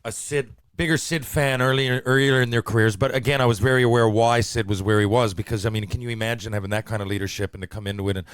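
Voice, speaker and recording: A man's voice: medium pitch, steady tone, fast talker, hardly any pauses, clean tone, no room sound, studio quality. A man hosting a podcast, chatting casually and reacting enthusiastically with fillers and swearing. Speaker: podcast host. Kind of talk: casual chat.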